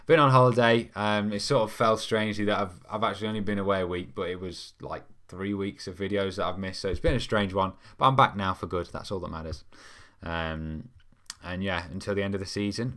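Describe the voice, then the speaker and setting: A man's voice: lowish voice, a bit bright. A young man, hosting a football fan live stream in a casual, rambling way, reading out viewer comments with lots of ums. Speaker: fan channel host.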